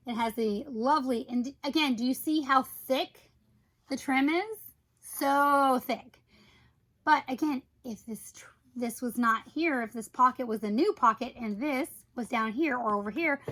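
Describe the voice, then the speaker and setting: A woman with a high, bright voice talks through her bag collection in a casual review vlog. She gushes, teases and breaks off into little exclamations, chatty and unhurried. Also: low-quality recording. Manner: chatty and gushing, with playful asides and sudden surprised exclamations.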